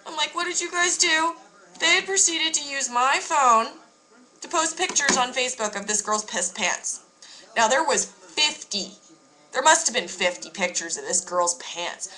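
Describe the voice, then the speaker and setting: A woman's voice: fairly high pitch, lively intonation, unhurried, pushed and bright, poor audio. A young woman casually telling a story to camera, candid and emphatic, swearing freely. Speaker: vlogger.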